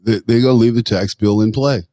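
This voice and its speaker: A man's voice: on the low side, fairly quick. A man hosting his own political talk show, speaking bluntly and animatedly and laughing as he goes. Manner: animated, laughs while talking, blunt asides. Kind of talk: solo political commentary.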